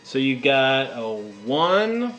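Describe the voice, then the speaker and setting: A man running a tabletop wargame, casual and excitable, counting dice out loud. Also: medium pitch, slow pace. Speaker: game master. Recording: echoey room with music behind.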